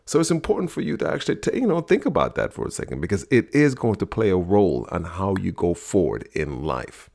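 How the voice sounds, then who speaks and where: A middle-aged man hosting a talk on personality types, telling a story in an animated way. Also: low-pitched, a little fast, vocal fry, few pauses. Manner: animated storyteller, acts out quoted voices. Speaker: podcast host teaching personality types.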